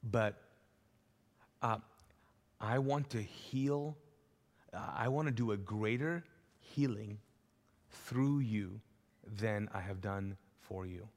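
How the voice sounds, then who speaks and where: A man voicing a gentle, compassionate male healer who speaks softly and earnestly, heard with a long church hall reverb. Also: lowish voice.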